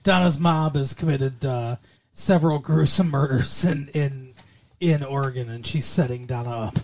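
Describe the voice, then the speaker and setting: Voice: medium pitch, moderate pace, darkish tone, slight background noise. A co-host in a casual chat, joking around and slipping into silly voices. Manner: playful, jokes, slips into silly voices. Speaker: podcast co-host.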